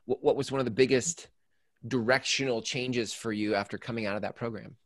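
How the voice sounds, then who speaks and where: A man's voice: medium pitch, fairly even intonation, fairly quick, fairly bright tone, dry recording, clean studio sound. An American man co-hosting a podcast, chatty and upbeat, laughing often and restarting his questions. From United States. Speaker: podcast co-host. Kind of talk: casual podcast interview.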